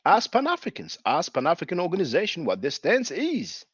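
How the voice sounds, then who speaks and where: Guy talking over clips, mocking tone, bouncy pitch, dry dull lo-fi sound. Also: wildly swooping pitch, brisk, hardly any pauses, fairly bright tone, husky, no echo. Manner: mocking, chatty, lots of fillers. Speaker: commentator. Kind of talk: casual commentary on clips.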